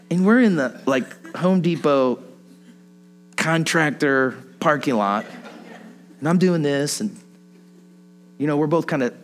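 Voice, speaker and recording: Slow and animated, with frequent pauses, this man's voice sits on the high side. He delivers his sermon casually, laughing as he tells anecdotes and asking rhetorical questions.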